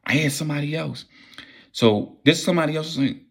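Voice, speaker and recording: A man telling a wild personal story in a casual, profane and excitable way. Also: medium pitch, fast talker.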